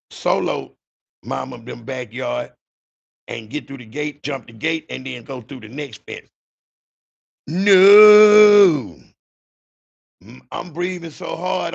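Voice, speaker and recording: Gravelly animated male storyteller. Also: medium pitch, highs cut off. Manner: animated, profane, addresses listeners as y'all. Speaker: podcast host. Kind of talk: dramatic storytelling.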